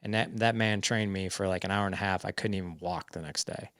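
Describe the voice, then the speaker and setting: A man's voice: sits low, steady tone, fairly quick, fairly bright tone, dry recording, studio quality. A man in his forties telling a frank personal story as a podcast guest. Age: 40s. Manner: frank, acts out quoted dialogue.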